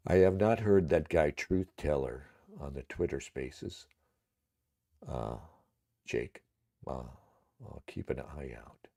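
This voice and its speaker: Very deep gravelly-voiced man. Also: takes it slowly, long pauses, mellow. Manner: rambling, with many fillers and profanity. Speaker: livestream host. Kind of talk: casual livestream commentary.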